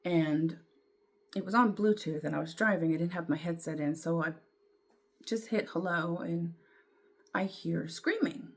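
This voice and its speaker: A middle-aged woman, telling a personal story to camera in a candid, rambling way, with fillers and throat clearing. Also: on the low side, unhurried, long pauses. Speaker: vlogger.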